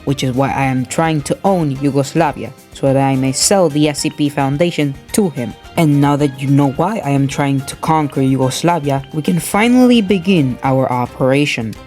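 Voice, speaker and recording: A man giving a scripted, deadpan voice-over of his gameplay, full of absurd, edgy jokes. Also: mid-range voice, normal speed, few pauses. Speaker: gaming YouTuber. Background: music.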